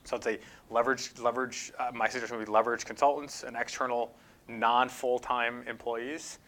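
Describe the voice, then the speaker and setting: A man's voice: mid-range voice, little pitch movement, fairly quick, fairly bright tone. A man speaking as a guest at a talk, answering audience questions in a thoughtful way with frequent fillers and restarts. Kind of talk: conference Q&A answers.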